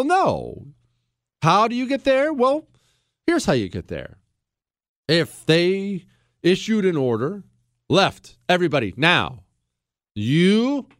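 A man whose voice is fairly high-pitched hosts a radio talk show, giving a fired-up, emphatic political monologue stuffed with rhetorical questions. The recording is clean studio sound without echo.

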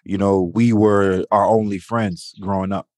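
A man's voice: on the low side, flat delivery, a little slow, a little mellow, no echo, studio quality. A man in his thirties from Atlanta, talking reflectively as a guest and often adding "you know". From Atlanta, USA. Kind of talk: casual conversation.

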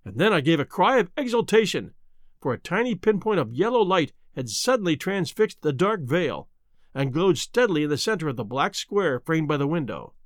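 Male audiobook narrator, dramatic and expressive, lively high voice, dry close sound. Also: normal speed, no room sound. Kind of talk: scripted narration.

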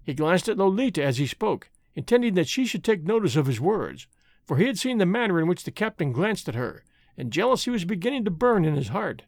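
A man narrating a classic novel in a measured storytelling manner. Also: sits high, very animated, no room sound, clean studio sound. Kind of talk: audiobook narration.

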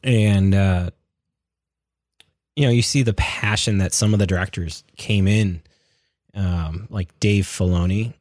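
A man's voice: sits low, a little slow, long pauses, a little mellow, no echo, studio quality. A young man chatting casually as a podcast co-host, rambling with lots of fillers and restarts. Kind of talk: casual chat.

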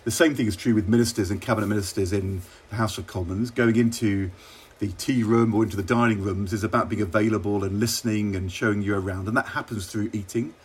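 A middle-aged man from England, a former minister, telling wry, measured stories in an interview. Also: lowish voice, fairly even intonation, breathy edge. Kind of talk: relaxed interview anecdotes.

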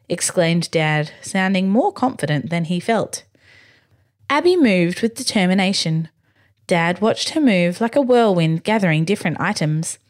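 A woman reading a bedtime story slowly and expressively. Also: fairly low pitch. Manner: slow, expressive, gently animated. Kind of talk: scripted bedtime story narration.

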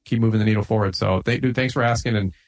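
A man's voice: fairly low pitch, fairly even intonation, racing. Fired-up man talking shop, full of "like". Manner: intense, fired-up, peppered with "like" and "man". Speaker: podcast guest, lawn care business owner. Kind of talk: casual podcast conversation.

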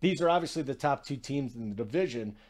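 A man hosting a sports betting show, talking in a chatty, energetic and digressive way. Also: mid-range voice, quick pace. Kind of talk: casual sports talk.

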